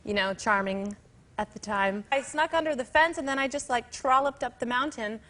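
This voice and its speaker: A woman's voice: a little high, normal speed, a bit bright. A woman telling a breezy, casual story as an interview guest. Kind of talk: anecdote in an interview.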